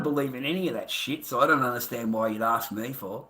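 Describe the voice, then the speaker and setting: A man's voice: medium pitch, quick pace, few pauses, bright, forceful tone, reverberant. An Australian man livestreaming an angry, profane, combative rant at his viewers.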